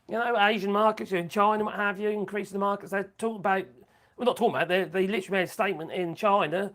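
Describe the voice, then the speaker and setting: A man's voice: high-pitched, fairly even intonation, fast, fairly bright tone. A man with a Norfolk accent hosting a casual live stream, reading out viewer comments in a chatty, crude and mocking way, often muttering asides. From England.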